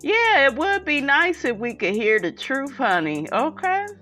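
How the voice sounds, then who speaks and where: A woman's voice: high-pitched, very animated, unhurried, sharp tone, faint music behind. A woman in a casual gossip chat who reads out viewer comments and keeps calling her listeners honey and child.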